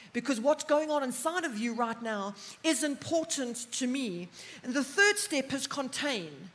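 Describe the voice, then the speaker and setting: A woman's voice: sits high, fairly bright tone. A middle-aged South African woman, a counselor, preaching a sermon in a conversational way with personal stories and joking asides. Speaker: pastor's wife and counselor.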